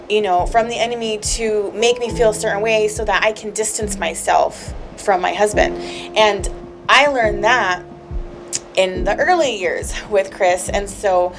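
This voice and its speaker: A woman co-hosting a podcast, speaking candidly and heartfelt about her life, rambling with lots of fillers and close to tears at times. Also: medium pitch. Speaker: podcast co-host. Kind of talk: candid personal chat. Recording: music playing clearly behind.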